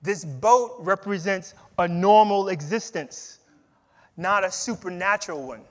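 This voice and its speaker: A man's voice: high-pitched, measured pace, long reverb tail. A man, a head pastor, preaching a sermon in an emphatic way, repeating words and reading scripture aloud.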